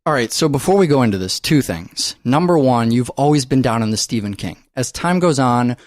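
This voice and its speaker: A man at a mid pitch co-hosts a movie podcast from a dry studio, with little room sound on his voice. He talks fast and gets excited, swears freely, and runs himself out of breath. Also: no room sound. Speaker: podcast co-host. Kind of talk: casual film chat.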